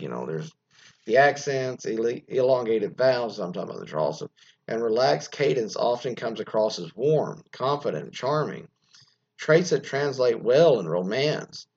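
A man's voice: medium pitch, vocal fry. A man hosting a casual commentary show, reading news items aloud and rambling off into his own asides, recorded with a dull lo-fi sound. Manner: rambling, reads items aloud then riffs on them.

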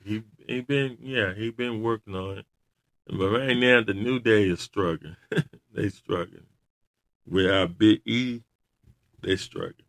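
A man with a fairly low voice chats casually and tells stories with lots of animation. He laughs often as he talks. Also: slow, pauses often, a bit bright. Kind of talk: casual chat about wrestling.

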